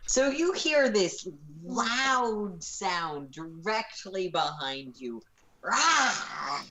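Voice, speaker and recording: A woman narrating a tabletop role-playing game as game master, relaxed and halting with fillers. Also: lowish voice.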